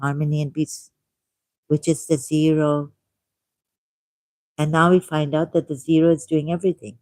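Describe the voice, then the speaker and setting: A man with a Pakistani accent hosting a livestream, reading a text aloud at a deliberate pace with musing asides and repeated key words. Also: on the high side, flat delivery, a little mellow, dry recording. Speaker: livestream host.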